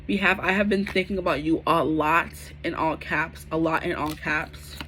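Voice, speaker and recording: A woman in her twenties doing a casual, chatty tarot reading to camera, full of slang and animated asides. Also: sits low, moderate pace, slight background noise. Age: 20s. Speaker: tarot reader.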